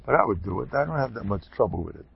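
A man giving an informal Torah talk, animated and digressive, with chuckling asides, on a dull lo-fi recording. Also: lowish voice, very fast, creaky, a little hiss or hum. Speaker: religious lecturer.

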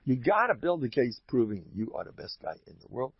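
Gravelly man giving an animated Torah talk. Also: mid-range voice, fairly quick. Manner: animated and emphatic, repeats phrases for stress. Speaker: Torah teacher. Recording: dull lo-fi dry recording.

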